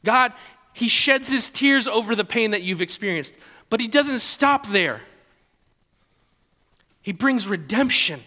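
A man's voice: sits high, sharp tone, big-room sound. A male pastor giving a conversational sermon, often repeating words and adding light laughs.

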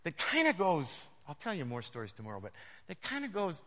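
A male pastor preaching a storytelling sermon, animated and often laughing as he tells his stories. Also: fairly high pitch, brisk. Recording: long reverb of a large hall.

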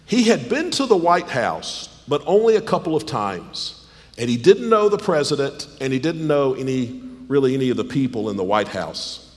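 Pastor guy preaching, kinda hoarse, voice swings way up and down, big hall echo. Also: sing-song, normal speed. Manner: emphatic, rising to high-pitched stresses then dropping low. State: slightly hoarse. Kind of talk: sermon. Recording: long hall reverb.

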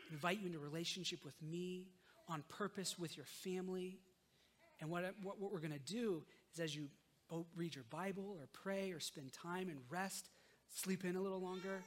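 A pastor delivers an earnest sermon in a notably high voice for a man. He presses his points with emphasis, then sinks into soft, unhurried pauses. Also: slight background noise.

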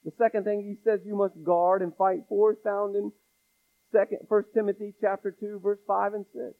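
A man's voice: sits high, level tone, moderate pace, creaky. A man preaching a sermon, pressing the congregation with pleading rhetorical questions. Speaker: pastor. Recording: tinny phone-like sound.

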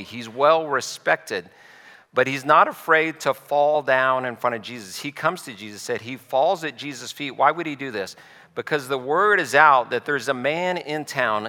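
A man preaching a sermon, retelling stories in a conversational, explanatory way with pauses. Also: mid-range voice, sharp tone, long reverb tail. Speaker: pastor.

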